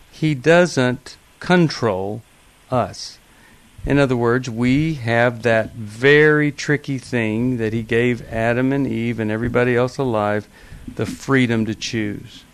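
Man, radio talk host, friendly, brisk, middle pitch.

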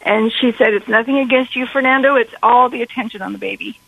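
A woman calling in on the phone to a radio show, hesitant and close to tears, with many pauses and fillers. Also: on the high side, creaky, fairly bright tone, breathy edge, dry recording, rough recording. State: fighting back tears. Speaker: caller. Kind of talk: call-in radio conversation. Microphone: telephone call.

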